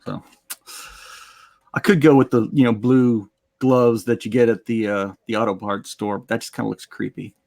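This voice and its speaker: Brief: male artist on a live stream, medium-pitched, relaxed and offhand. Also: normal speed, vocal fry. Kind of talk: casual live-stream chat.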